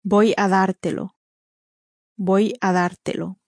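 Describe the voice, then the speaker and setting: A woman reads drill phrases slowly and evenly, saying each one twice for learners. Her voice is dry and close to the mic, with no room sound. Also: medium pitch, level tone, a little mellow, dry recording. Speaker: native-speaker voice for language drills. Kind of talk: slow model pronunciation in drills.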